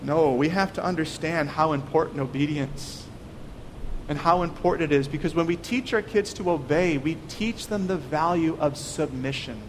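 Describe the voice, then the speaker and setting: A man's voice: on the high side, normal speed. A man preaching a sermon, earnest and pleading, often stumbling over repeated words. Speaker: pastor. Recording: long reverb, faint noise.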